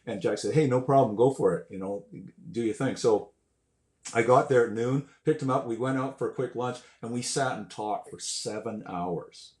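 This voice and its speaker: An older man, a guest musician, telling stories in a casual way, animated and swearing, acting out quotes and sounds. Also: medium pitch, moderate pace. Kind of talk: casual storytelling. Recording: roomy echo.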